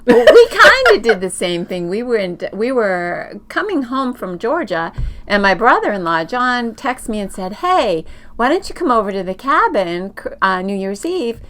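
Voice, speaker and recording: A woman's voice: medium pitch, very animated, moderate pace, a bit bright. A middle-aged woman co-hosting a casual quilting chat, telling long travel stories with lots of fillers and restarts. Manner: chatty storyteller, many fillers and restarts. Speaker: quilting podcast co-host.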